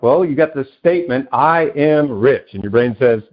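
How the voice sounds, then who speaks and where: The self-help coach's voice is animated and his pace normal as he guests on a podcast. He's eager and lively, acting out short dialogues with large pitch jumps, and the recording is dull and lo-fi.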